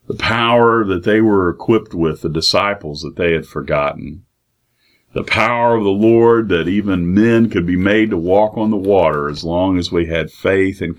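Low-voiced preacher on radio. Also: male voice. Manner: reads King James verses, then retells them plainly with repeats. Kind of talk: radio sermon.

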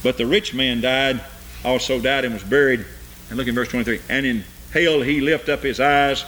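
An older man preaching a sermon, swinging between loud high cries and low, quiet asides. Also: steady tone, normal speed, a little hiss or hum.

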